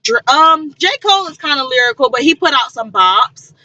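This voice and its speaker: A woman's voice: sits high, lively intonation, normal speed, bright, forceful tone, no echo, dull audio. A woman co-hosting a casual chat podcast, blunt, opinionated and profane. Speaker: podcast co-host.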